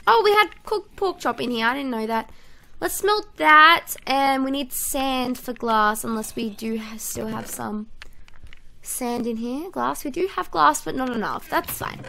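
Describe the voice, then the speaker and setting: A high-voiced woman with a bright, sharp tone narrates her game in chatty, excitable commentary. She talks to herself and her viewers as she goes. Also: measured pace, gravelly, slight background noise. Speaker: gaming YouTuber. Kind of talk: casual let's-play commentary.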